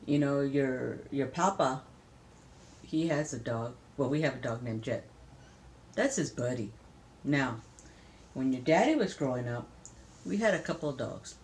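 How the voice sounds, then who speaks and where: Playful grandmother with a lively voice. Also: extremely low pitch, a little slow, long pauses. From Southern California. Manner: playful, chatty, laughs often, imitates animal sounds. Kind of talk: casual spoken lesson to a child.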